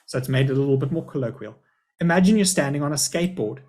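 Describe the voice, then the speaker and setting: A man's voice: medium pitch, lively intonation, quick pace, a little mellow. A middle-aged man, a school principal, giving a chatty, upbeat live webinar presentation over a video call.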